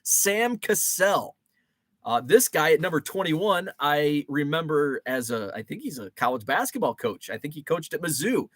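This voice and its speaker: A man's voice: on the high side, big pitch swings, normal speed, hardly any pauses, no echo. A man in his forties hosting a casual rambling monologue, thinking aloud with fillers and restarts. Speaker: show host. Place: home basement.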